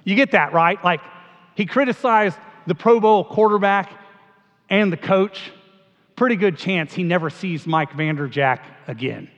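A man preaching a sermon as a pastor, telling stories with animated energy and often repeating words as he goes. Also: high voice, unhurried. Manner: animated storytelling, acts out quotes, repeats words. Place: church sanctuary. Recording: dull sound with long hall reverb.

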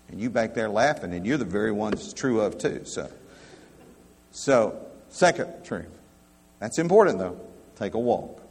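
A pastor preaching a sermon, slow and emphatic, dropping to a hush and then rising loud to make his points. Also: on the low side. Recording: long hall reverb.

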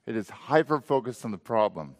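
A male pastor preaching a sermon, asking rhetorical questions and letting his voice swell and then drop low. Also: expressive, fairly quick, big-room sound.

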